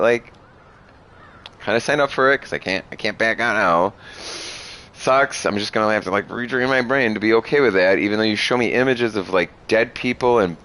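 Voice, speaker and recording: Young male streamer, 20s, crude and rambling, tipsy, animated delivery with a bright, punchy voice. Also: medium pitch. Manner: rowdy, crude, rambling, laughs a lot. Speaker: gaming streamer. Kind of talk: casual gameplay chat.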